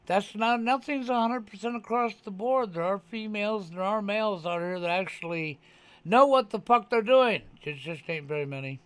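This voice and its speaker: A man's voice: high voice, normal speed, a bit bright, smooth. A man talking casually on a live stream, emphatic and profane, often pressing his point with "okay". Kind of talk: casual chat.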